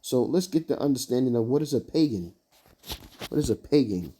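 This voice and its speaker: A man leading an informal scripture study, halting and searching for words with many fillers as he reads and explains verses. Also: medium pitch, expressive, warm tone, a little hiss or hum. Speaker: Bible teacher.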